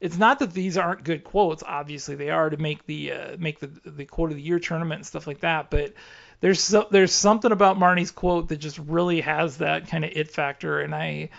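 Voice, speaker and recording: A man with a slightly high, gravelly voice co-hosts a podcast, talking loosely and laughing along. He wanders through his points with lots of fillers, and the sound is dull and lo-fi. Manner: rambling, filler-heavy, laughs often. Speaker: podcast co-host. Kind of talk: casual sports-radio chat.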